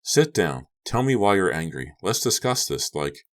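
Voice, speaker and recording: A man voicing a panicked teenage boy tied to a chair in an audiobook, shouting and pleading. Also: deep voice, sing-song, normal speed, voice pushed up. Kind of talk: audiobook character voice.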